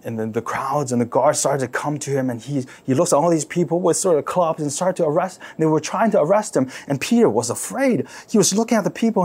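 A man preaching, retelling a story dramatically, repeating phrases and asking listeners to imagine the scene, swinging from loud outbursts to near-whispers. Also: mid-range voice, fast talker, husky. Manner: repeats words and phrases for emphasis; asks listeners to imagine, rhetorical questions. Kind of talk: sermon storytelling.

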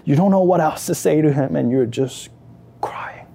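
A man's voice: on the high side, brisk, creaky, dark tone. A man leading a guided imaginative meditation, telling the story emotively in the second person. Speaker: prayer leader.

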